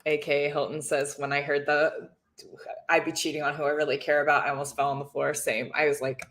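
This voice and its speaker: A woman's voice: deep voice, level tone, a little fast, fairly bright tone. A woman hosting a casual livestream, chatting, laughing and reading viewer comments aloud. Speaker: livestream host reacting to a reality show.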